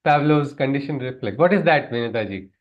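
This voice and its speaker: A man's voice: mid-range voice, animated, a little fast, lo-fi sound. A man teaching a class on scripture, in a conversational way, often putting questions to his listeners and chuckling. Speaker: spiritual teacher. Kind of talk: lecture on scripture.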